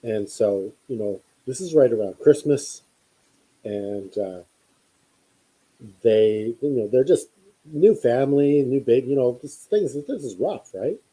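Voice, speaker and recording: Dark, husky-voiced man telling a story. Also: medium pitch, animated, unhurried, poor audio. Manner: rambling, many fillers and restarts. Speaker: podcast host. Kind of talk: casual storytelling.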